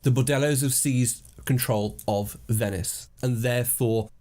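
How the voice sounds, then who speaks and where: A man co-hosts a casual podcast, spinning an improvised story and explaining things at length. He talks in an animated way and laughs easily. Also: medium pitch, a little slow. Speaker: podcast co-host.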